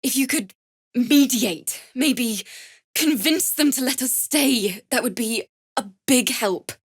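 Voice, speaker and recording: A woman's voice: sits high, slow, husky, no echo, studio quality, heavily acted. A woman voicing a young bard in a video game, earnest and grieving, who swings from shy apologies to sudden anger. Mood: earnest, apologetic. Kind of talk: video game character dialogue.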